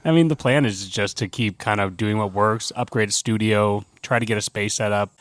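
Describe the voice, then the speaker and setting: A man's voice: lowish voice, normal speed, no echo. A man from Wisconsin co-hosting a casual podcast, chatty and full of fillers. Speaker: podcast co-host.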